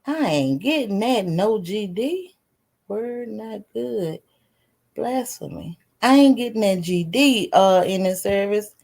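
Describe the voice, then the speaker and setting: An older woman, telling a story on a casual live stream, animated and laughing often. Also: medium pitch, slow, creaky. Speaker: vlogger.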